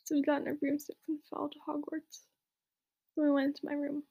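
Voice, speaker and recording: A young woman reading a story aloud in a soft, mocking whisper with asides, as whispered role-play. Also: high voice, completely flat delivery, quick pace, gravelly, very noisy. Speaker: reader.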